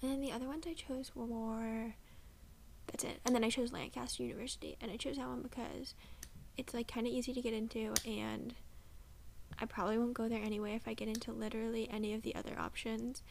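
Rambling teen girl with a gravelly edge. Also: fairly high pitch, flat delivery, darkish tone, a little hiss or hum. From United States. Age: late teens. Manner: rambling, with quick whispered asides. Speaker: podcast co-host. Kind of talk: casual chat.

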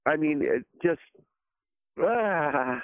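A man's voice: medium pitch, moderate pace. A man, a guest, telling stories in casual chat, heard over a phone line. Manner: rambling, animated storyteller.

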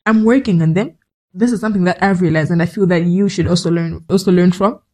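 A woman's voice: fairly low pitch, quick pace, mellow, low-quality recording. A woman hosting a podcast, giving a direct, conversational motivational monologue with scolding asides. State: cold, shivering. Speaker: podcast host.

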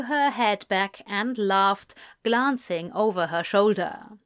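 A woman narrating a romance story in a calm, measured way. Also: mid-range voice, clean tone. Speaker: audiobook narrator. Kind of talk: scripted narration.

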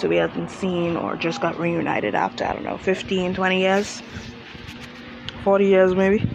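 Woman gushing over tv episodes, laughs a lot, muffled sound, car noise loud behind her. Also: on the low side. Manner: animated, gushing, laughs often. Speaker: TV episode recapper. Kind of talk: casual TV recap vlog.

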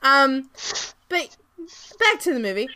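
Casting: a woman co-host with a light Southern accent, higher pitch, bright, animated storyteller. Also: takes it slowly. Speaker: podcast co-host. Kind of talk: casual podcast chat.

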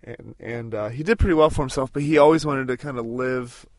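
A man's voice: mid-range voice, a little fast, no echo. Casting: man in his thirties, podcast host, casual road-trip chat, dry close sound, rambling. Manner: rambling, with many fillers and restarts.

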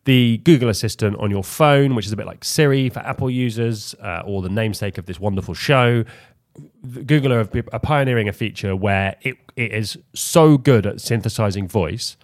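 A man's voice: fairly low pitch, moderate pace. A man from England co-hosting a podcast, talking in a wry, chatty way with frequent restarts and fillers. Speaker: podcast co-host. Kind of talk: casual chat.

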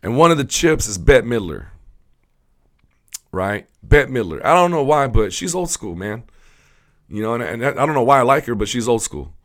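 A man's voice: mid-range voice, big pitch swings, normal speed. A man hosting his fishing channel, talking casually and from the heart to his viewers, rambling with fillers and restarts. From Southern California. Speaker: host. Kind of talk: casual vlog talk to camera.

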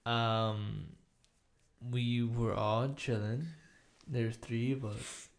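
Gravelly young man telling a story. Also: medium pitch, flat delivery, extremely slow. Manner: profane, laughing storyteller. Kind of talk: casual chat.

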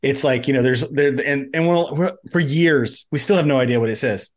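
A man's voice: medium pitch, a little fast. Argumentative man on a movie podcast. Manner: argumentative, animated storytelling, quotes lines in funny voices. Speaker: podcast co-host. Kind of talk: casual movie podcast chat.

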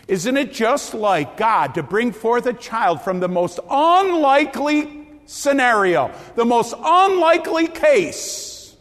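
High-voiced impassioned preacher in a reverberant hall. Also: male voice, sing-song, slow. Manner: impassioned, rising to near shouts then dropping low. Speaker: pastor. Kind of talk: sermon.

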